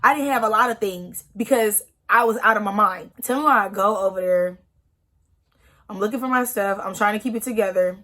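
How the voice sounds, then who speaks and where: A woman's voice: medium pitch, brisk, pushed and bright. Woman telling a raw personal story. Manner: emotional, frank storytelling with many "like" fillers. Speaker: vlogger. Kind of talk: storytime vlog.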